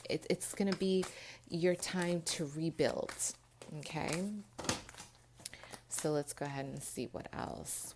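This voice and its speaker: A woman giving a pick-a-card tarot reading, earnest and emotional, talking straight to her viewers with many pauses and restarts. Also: on the low side, noisy background. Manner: earnest, emotional, addresses viewers as "you guys"; frequent restarts and fillers, pauses mid-thought. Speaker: tarot reader.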